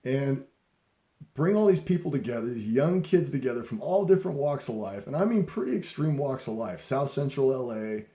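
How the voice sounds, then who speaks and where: A man's voice: medium pitch, sing-song, normal speed, mellow, echoey room. A middle-aged man telling personal leadership stories in a casual, rambling way, laughing often and restarting his sentences. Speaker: speaker sharing leadership stories. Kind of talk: casual storytelling talk.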